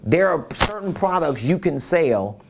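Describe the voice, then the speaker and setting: A man's voice: fairly high pitch, big pitch swings, unhurried, background noise. A man giving a business coaching talk, emphatic and repeating his key points, who acts out quotes in different voices.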